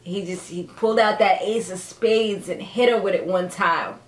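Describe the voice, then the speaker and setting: A woman casually recapping a TV episode for her channel in a sassy, animated way, often laughing as she talks. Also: moderate pace. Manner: animated, sassy, dramatic pitch jumps; laughs often while talking. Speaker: TV recap vlogger. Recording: echoey room.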